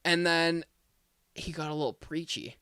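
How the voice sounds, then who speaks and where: Young man telling a story, slightly high voice. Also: normal speed, smooth, no room sound, studio quality. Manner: animated, acts out both sides of a conversation. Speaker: podcast co-host. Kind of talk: casual storytelling.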